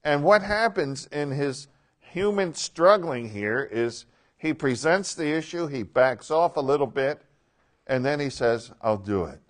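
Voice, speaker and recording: A man's voice: fairly high pitch, lively intonation, unhurried. A man teaching a Bible class, speaking emphatically and asking his listeners questions.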